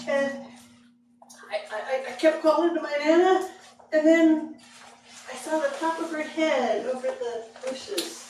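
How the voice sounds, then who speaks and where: A woman storyteller telling a personal tale to a live audience, slow and dramatic with frequent chuckles. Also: high-pitched, darkish tone. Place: library event room with live audience. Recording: echoey hall, distant mic, background noise.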